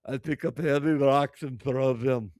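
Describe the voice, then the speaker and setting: Brief: mock Russian strongwoman, as a man puts her on, booming tough-guy delivery, dry close sound. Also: fairly even intonation, no room sound, close to an everyday voice. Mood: boastful. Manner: loud, slow, menacing tough-guy delivery. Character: strongwoman with a thick Russian accent, boastful.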